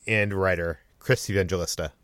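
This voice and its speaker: Low-voiced podcast host man. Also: steady tone, a bit bright, dry recording, studio quality. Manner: quick, loose, leading the talk. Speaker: podcast host, editor-in-chief. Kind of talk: casual podcast discussion.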